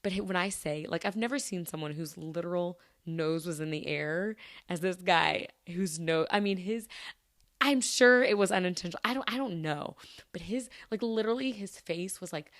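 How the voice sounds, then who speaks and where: A woman's voice: on the low side, normal speed, dry recording, clean studio sound. A woman hosting a solo podcast, chatting casually and rambling through everyday stories with lots of restarts. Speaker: podcast host.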